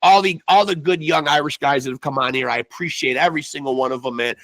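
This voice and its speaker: A man's voice: fairly high pitch, quick pace, a bit bright, no echo. A man in his fifties from the States hosting a boxing podcast, chatty and stammering, dropping "man" into nearly every sentence. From United States. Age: 50s. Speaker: podcast host. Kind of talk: casual interview podcast.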